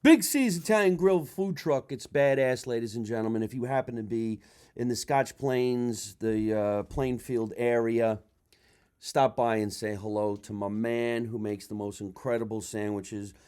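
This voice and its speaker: A middle-aged man, hosting a comedy podcast with loud, animated chat, swearing freely and acting out voices in his stories. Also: medium pitch, unhurried, clean tone. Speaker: podcast host.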